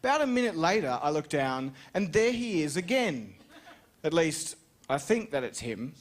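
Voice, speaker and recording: A young Australian man performs stand-up, telling a rambling, self-mocking story at normal speed. His delivery is very animated, with sudden jumps into a high pitch.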